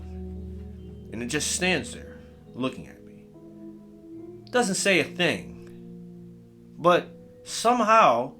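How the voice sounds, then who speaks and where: A man telling a comedic scary story in a casual, rambling way with lots of swearing. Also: medium pitch.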